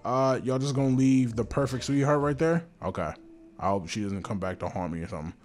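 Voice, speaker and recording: A male gameplay streamer giving excitable, nervously jokey commentary and swearing a lot. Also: medium pitch, brisk, soft background music. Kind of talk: let's play commentary.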